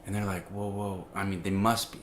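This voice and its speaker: A preacher gives an informal, conversational sermon, full of restarts and fillers, getting more animated as the story unfolds. His voice sits low and moves quickly, with a little hiss or hum in the audio.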